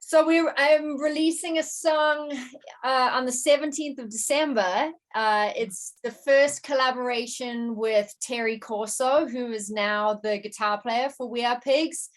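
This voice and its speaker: Interview guest: woman, slightly high voice, casual and stop-start. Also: steady tone. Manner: halting, many restarts and fillers. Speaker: musician and producer, interview guest.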